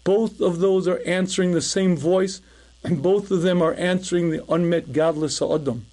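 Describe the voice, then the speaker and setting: A middle-aged man with a notably high-pitched voice teaches a lecture as a rabbi. He tells stories in a relaxed conversational way and clears his throat often as he goes. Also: moderate pace. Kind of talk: recorded lecture with storytelling.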